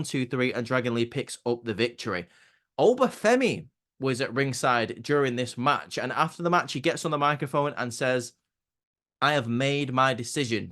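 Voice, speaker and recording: Chatty man recapping wrestling. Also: medium pitch. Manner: chatty, animated, stumbles and repeats words. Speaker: wrestling show reviewer. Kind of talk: casual recap and commentary.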